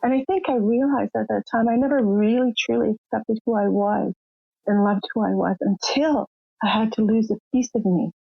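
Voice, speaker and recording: A woman's voice: fairly high pitch, creaky, slightly rough, dry recording. An older woman telling her personal story as a podcast guest, candid and emotional, acting out the voices of the people in it. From Canada. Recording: muffled lo-fi sound, dry.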